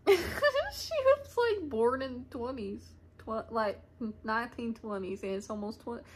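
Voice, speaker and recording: A woman's voice: on the high side, sharp tone. A woman in her twenties telling a rambling family story to camera, chatty and laughing often. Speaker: vlogger. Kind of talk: casual storytime monologue. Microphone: camera mic.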